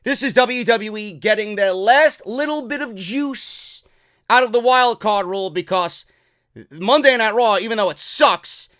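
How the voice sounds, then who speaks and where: A man hosting a wrestling talk show, ranting in an excitable, profane, rambling way. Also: high voice, a little slow, clean tone, no echo. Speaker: wrestling podcast host. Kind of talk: casual opinion rant.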